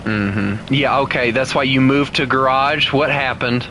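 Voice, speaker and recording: A man with a Southern US accent, streaming a game and chatting playfully with co-players, breaking into teasing and high shouts. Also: steady tone, unhurried, a little hiss or hum. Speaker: gaming streamer. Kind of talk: casual gameplay chat with co-players.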